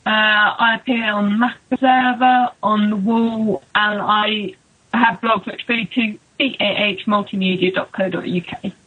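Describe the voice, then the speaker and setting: A woman on a podcast panel, brisk and matter-of-fact. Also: mid-range voice, steady tone. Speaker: podcast panelist, tech writer. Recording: phone-like line.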